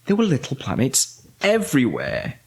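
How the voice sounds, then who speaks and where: A father reading a children's bedtime story aloud in an expressive storytelling manner. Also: mid-range voice, normal speed, gravelly, husky.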